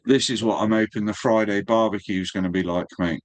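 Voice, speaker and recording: A man's voice: on the low side, fairly even intonation, fairly quick. A man chatting casually as a stream host, laid-back, swearing freely and calling people mate. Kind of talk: casual chat.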